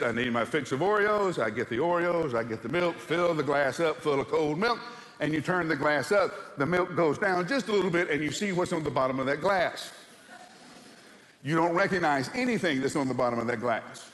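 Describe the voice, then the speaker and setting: A male pastor delivers a sermon in a church sanctuary, his voice sitting a bit higher than most men's. He tells stories in an animated way and keeps throwing rhetorical questions at the congregation. A long reverb from the large hall trails after his words. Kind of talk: sermon with humorous anecdotes.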